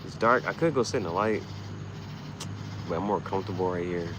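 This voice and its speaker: A man with a fairly low voice rants on his vlog, cursing freely and rambling from point to point. He gets loud and animated as he talks, and a faint hiss of noise sits under his voice. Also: a little fast. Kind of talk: casual ranting vlog. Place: dim room.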